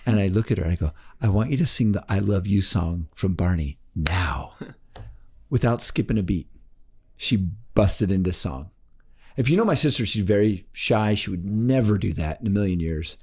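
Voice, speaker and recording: A man's voice: moderate pace, husky. A man being interviewed as a life coach, telling a story in a podcast interview and acting out the voices of the people in it. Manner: animated, acts out quoted voices with big pitch jumps.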